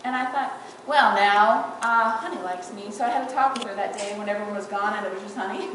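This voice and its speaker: An adult granddaughter delivers a eulogy for her grandmother in a large church, her mid-range voice steady and fast as she shares funny, affectionate stories. Her storytelling is tearful yet humorous, and she laughs often. The recording is echoey and captured from far off, with a crowd audible in the background.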